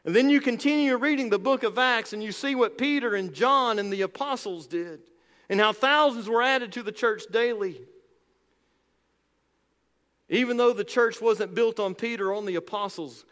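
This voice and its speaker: High-voiced man preaching in a reverberant hall. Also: fairly bright tone. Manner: emphatic preaching, slowing and dropping low on key phrases. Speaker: pastor. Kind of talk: sermon.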